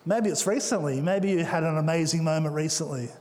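A slightly higher-voiced man preaches to his church, playful and full of joking asides. His voice rings out in a big space with long reverb trailing behind each phrase. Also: fairly quick, darkish tone. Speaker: pastor. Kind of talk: sermon. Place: church auditorium.

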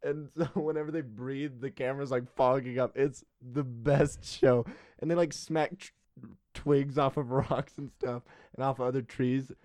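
A man's voice: mid-range voice, fairly even intonation, moderate pace, a little mellow, no echo. A young man chatting casually on a podcast, playful and laughing often, slipping into jokey put-on southern accents. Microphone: close studio mic.

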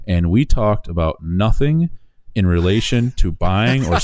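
A man casually telling the story of buying a business, animated, acting out quoted dialogue with restarts. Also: fairly low pitch, normal speed, no echo. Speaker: small business owner telling his story.

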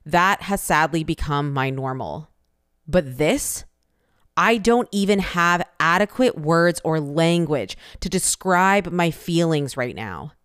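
A woman's voice: low-pitched, lively intonation, slow pace, fairly bright tone, clear, resonant tone, dry recording, studio quality. A young Asian American woman giving an impassioned personal statement, emphatic and pointed, with insistent repeated phrases.

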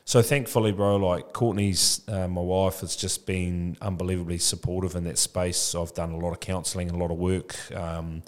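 A man's voice: sits low, flat delivery, moderate pace, hardly any pauses. A man in his forties talking candidly as a podcast guest, casual and reflective, calling the host "bro" a lot. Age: 40s. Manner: casual, says "bro" often, frank and reflective. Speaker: podcast guest, childcare business founder. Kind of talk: candid conversational interview.

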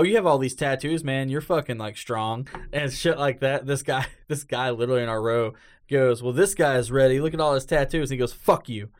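A man hosting a casual chat, telling stories with lots of swearing and acted-out quotes. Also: mid-range voice. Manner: animated storyteller, swears freely, acts out quotes. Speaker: podcast host.

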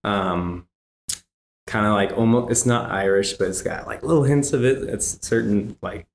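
A woman's voice: a bass voice, moderate pace, gravelly. A woman in a casual podcast chat, playful and chiming in with quips. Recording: roomy with faint noise.

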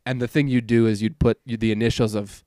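A man's voice: medium pitch, little pitch movement, quick pace, dark tone. A young man from Minnesota talks casually in his home gaming room, wandering through his thoughts with fillers and false starts. His voice sits in an ordinary middle range and the recording is dry and close, with no room echo. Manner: rambling, filler-heavy, self-interrupting. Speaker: podcast host. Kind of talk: casual chat.

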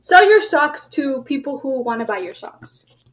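A woman's voice: high-pitched, very animated, a little slow. A young woman co-hosting a casual chat, reading out questions in a playful, teasing way.

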